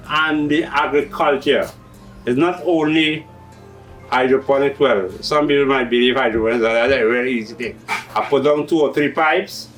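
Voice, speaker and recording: A middle-aged man with a Trinidadian accent, a hydroponics shop owner, patiently walks viewers of a farming TV show through how his hydroponic systems work, using local turns of phrase. His voice is a little high, and the audio is poor, captured on a distant mic.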